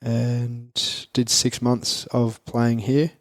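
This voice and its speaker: A man's voice: medium pitch, monotone, very slow, no echo, clean studio sound. A man in his twenties with an Australian accent, a guest in an interview, talking in a rambling casual way full of fillers and restarts.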